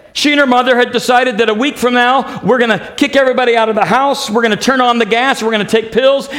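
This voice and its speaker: A man preaching, retelling a dramatic testimony with emphatic pauses. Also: high voice, fairly bright tone. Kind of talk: sermon storytelling.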